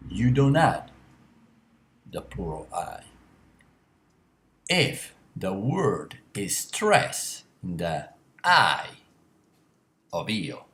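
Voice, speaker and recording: A man gives a classroom lesson in a lowish voice, taking his time. He explains step by step, pausing often and correcting himself as he goes. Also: a bit bright. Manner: slow, deliberate explaining with many pauses and self-corrections. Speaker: language teacher. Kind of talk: classroom lecture.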